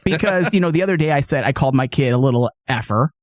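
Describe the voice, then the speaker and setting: Lively joking man hosting a podcast. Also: on the high side, quick pace, dry recording, studio quality. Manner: animated, joking, stumbling restarts. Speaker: podcast host. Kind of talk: casual comedic chat.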